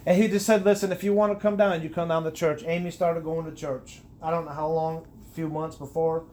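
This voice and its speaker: A middle-aged man with a high voice tells his life story in an earnest, conversational way, restarting his sentences often. He grows animated when he stresses a point. A faint hiss sits under the recording. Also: fairly quick. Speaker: guest sharing his testimony. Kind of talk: personal testimony, conversational.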